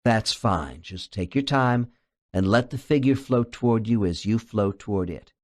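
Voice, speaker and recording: A man reading the lines of a calm male hypnotherapist with steady, patient questions. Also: lowish voice, normal speed, lightly acted.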